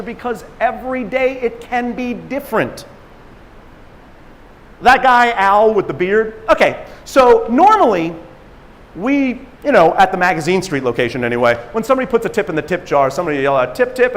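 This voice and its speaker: A man giving an energetic motivational talk at a conference, acting out quotes and laughing at himself as he tells stories. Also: high voice, brisk, big-room sound. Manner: animated storyteller, acts out quotes, laughs at himself. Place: conference stage in a large hall.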